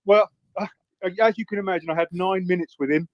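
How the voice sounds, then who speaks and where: A man's voice: high-pitched, fairly even intonation, fast talker, dry recording, muffled recording. A man chatting casually as a guest on a live audio show, laughing often and turning earnest. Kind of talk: casual chat.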